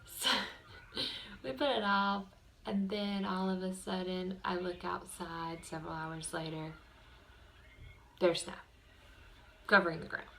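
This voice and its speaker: A woman's voice: lowish voice, steady tone, slow pace, gravelly, pauses often, a bit bright, a little hiss or hum. A young woman vlogging from her bedroom, chatting casually to the camera with lots of fillers. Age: young adult. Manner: chatty, rambling, with many fillers.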